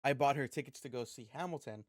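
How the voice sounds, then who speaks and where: A man's voice: mid-range voice, fast, a little mellow, no echo, clean studio sound. A man telling a rambling, profane story in a casual podcast chat. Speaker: podcast guest.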